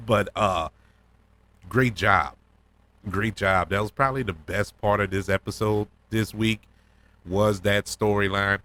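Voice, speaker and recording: A man hosting a casual solo review podcast, talking in an excitable, rambling way with plenty of fillers and restarts. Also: fairly low pitch. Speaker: podcast host reviewing a TV episode.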